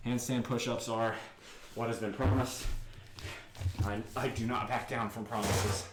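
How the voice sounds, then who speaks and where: A man of average pitch, worn out and panting after a heavy workout, talking casually with viewers. He sits far from the mic in an echoey home garage. Loud noise runs underneath him. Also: steady tone, unhurried. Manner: panting, chatty, jokey. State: out of breath. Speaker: fitness vlogger. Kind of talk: casual livestream workout commentary.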